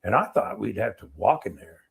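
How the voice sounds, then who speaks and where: A middle-aged man, an Army veteran, telling war-era stories in a casual interview, animated and acting out what people said. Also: lowish voice, fairly quick, gravelly, breathy edge. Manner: animated storyteller, acts out quotes, laughs.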